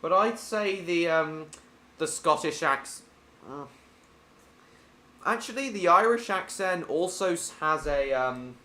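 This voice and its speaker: A man's voice: a little high, expressive, slow pace, pauses often, pushed and bright, echoey room. A man chatting casually on a live stream while gaming, answering viewers by name with many hesitant ums.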